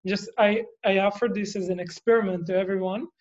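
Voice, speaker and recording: A man's voice: sits high, fairly even intonation, a little fast, dull audio. A man sharing his experience with a workshop group, hesitant and full of fillers. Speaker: workshop participant. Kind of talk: casual chat.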